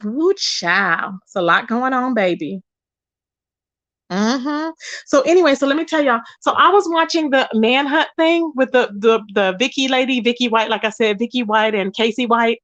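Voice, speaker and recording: A chatty woman hosts a live stream, gossiping and answering her chat with pet names like baby and child. Her voice sits a little high, and the sound is dry and close, with no room around it. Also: moderate pace, no echo. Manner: animated and chatty, calls viewers "baby" and "child". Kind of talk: casual gossip commentary.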